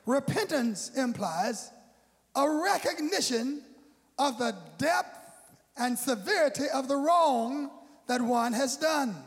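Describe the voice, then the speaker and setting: A man's voice: very high-pitched, long reverb tail. A man preaching a sermon as pastor, calling out to the congregation and asking if they are still with him. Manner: preaching with call-and-response to the congregation.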